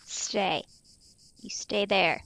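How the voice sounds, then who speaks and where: A woman's voice: mid-range voice, drawn-out words, fairly bright tone. A woman hosting a let's play, tossing out wry asides as she plays a game. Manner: wry asides while playing. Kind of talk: casual game commentary.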